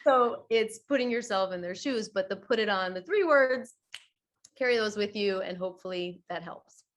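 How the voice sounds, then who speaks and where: A woman yoga teacher talking in a podcast interview, chatty and expressive, acting out quoted voices with big swings. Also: medium pitch, normal speed. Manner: chatty, many fillers like "you know" and "right". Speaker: guest yoga teacher and teacher trainer.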